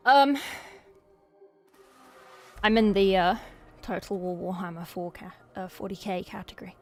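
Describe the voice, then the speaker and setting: A woman's voice: medium pitch, normal speed, long pauses, a little mellow, soft background music. A woman game streamer chatting casually and rambling to her viewers, swearing freely and thanking followers. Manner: talks to chat, thanks followers. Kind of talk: casual live-stream chat.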